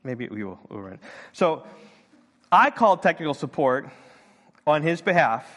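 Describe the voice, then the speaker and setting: A man's voice: on the high side, measured pace. Older man preaching, with hall reverb. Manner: animated storytelling, acting out voices in quotes. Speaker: pastor. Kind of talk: sermon.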